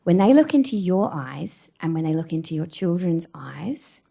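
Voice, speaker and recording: With a gravelly, slightly rough voice on the low side, an Australian woman in her forties speaks at normal speed during a public stage talk. As keynote speaker she tells animated, self-deprecating stories about herself and laughs a lot.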